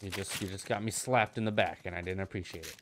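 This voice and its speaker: A man's voice: sits low, fast talker, background noise. A young man giving casual gameplay commentary as a channel host, goofy and rambling, swearing freely and joking to himself.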